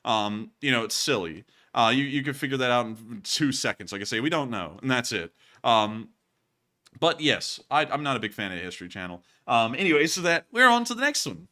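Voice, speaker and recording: A man's voice: mid-range voice, animated, normal speed, sharp tone. A man hosting a live stream, chatting casually in a rambling, wry way with lots of fillers. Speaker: host of a war news live stream.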